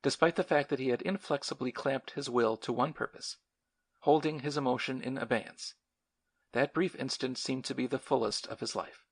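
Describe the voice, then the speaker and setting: A man reads a classic novel aloud in measured, dramatic narration. His voice sits at a middle pitch with a noticeable gravelly texture. The delivery is steady and paced for storytelling. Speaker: audiobook narrator. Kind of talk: scripted narration.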